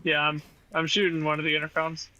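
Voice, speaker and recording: A man's voice: fairly high pitch, monotone, brisk, pushed and bright, low-quality recording. A man playing a tabletop game, eager and decisive as he declares his actions. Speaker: player. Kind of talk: casual tabletop play.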